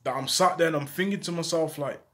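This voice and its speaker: Man recounting his own story, slang-heavy and animated, voice sits a bit higher than most. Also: fast talker. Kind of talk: casual spoken life story.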